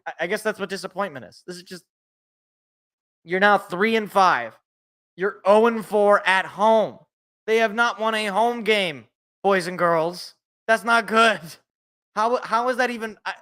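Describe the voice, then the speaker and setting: A man hosting a sports podcast alone, ranting in a rambling, animated way and cutting himself off. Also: high voice. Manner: rambling, animated, self-interrupting. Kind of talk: casual solo sports rant.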